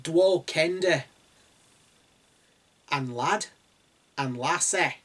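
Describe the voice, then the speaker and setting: A man's voice: a little high, very slow, a bit bright, husky, full character voice. A man putting on the voice of a rustic old-time country storyteller, speaking in a mock archaic country dialect. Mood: folksy.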